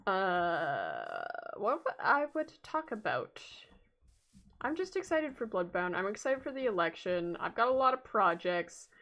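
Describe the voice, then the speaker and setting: A woman's voice: medium pitch, wildly swooping pitch, unhurried, a bit bright. A young Canadian woman with a Canadian accent, chatting casually to her viewers during a game stream, rambling with lots of fillers.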